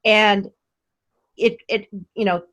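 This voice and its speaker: A woman's voice: medium pitch, fairly even intonation, slow pace, fairly bright tone. A woman who runs a company, speaking as a podcast guest, enthusiastic and emphatic, repeating phrases to stress her points. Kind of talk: casual podcast conversation.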